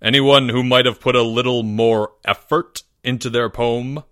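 A man's voice: medium pitch, steady tone, moderate pace, fairly bright tone, dry recording, studio quality, lightly acted. A man voicing a stern male schoolteacher who speaks curtly and coldly. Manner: curt and cold.

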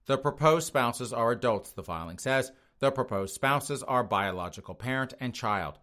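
A man's voice: mid-range voice, lively intonation, normal speed, a bit bright. A man hosting a solo commentary podcast who reads news items aloud and riffs on them sarcastically, chuckling often. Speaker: podcast host.

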